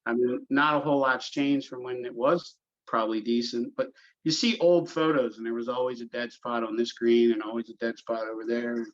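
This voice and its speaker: A middle-aged man chatting through a podcast interview, winding through his stories with plenty of "uh" and false starts. His voice sits at an ordinary middle pitch, and the recording is dull and lo-fi. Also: fairly even intonation, brisk. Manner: rambling storyteller, many fillers and restarts. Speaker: golf course superintendent.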